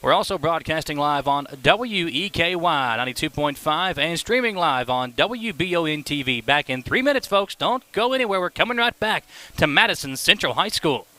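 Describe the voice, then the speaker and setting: A man hosting a live high school football pregame show, with an energetic, brisk announcer delivery. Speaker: play-by-play broadcaster. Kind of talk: pregame sports broadcast.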